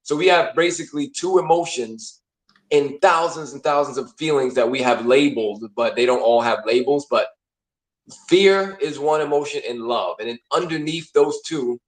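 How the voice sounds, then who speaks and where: A man's voice: medium pitch, normal speed. A man hosting a casual talk, explaining in a conversational way and acting out inner voices. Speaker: host. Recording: echoey room.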